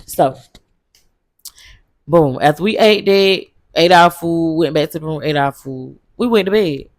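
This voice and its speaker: A woman's voice: deep voice, a little slow, no echo. A woman vlogger casually telling a travel story, loose and slangy with lots of fillers.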